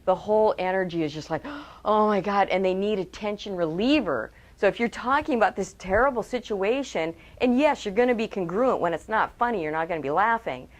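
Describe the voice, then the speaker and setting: A woman trainer giving a webcast talk on public speaking. She is lively, asks her audience direct questions and acts out quotes in changed voices. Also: mid-range voice, brisk, few pauses. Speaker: communication trainer.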